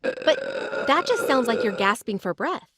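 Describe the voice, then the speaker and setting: A woman's voice: a little high, very animated, measured pace, background noise. A woman in casual podcast chat, asking questions and judging the vocal attempts.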